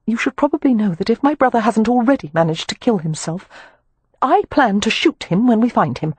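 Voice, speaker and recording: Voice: medium pitch, lively intonation, brisk, breathy edge, no room sound, pitched above the performer's own voice. An audiobook narrator voicing a determined young woman who speaks with dry, commanding wit. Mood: wry. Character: young lady, bold and determined.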